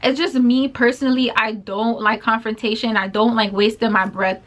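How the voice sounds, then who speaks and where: A woman's voice: a little high, fairly even intonation, moderate pace, fairly bright tone. A young woman vlogger casually retelling a personal story, full of filler words and quoted back-and-forth exchanges. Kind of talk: storytime vlog.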